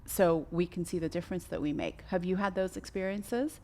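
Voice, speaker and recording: Middle-aged woman doula, casual podcast storyteller, lively, slips into the voices she quotes, a touch low in pitch. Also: brisk. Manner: animated, acts out quoted voices.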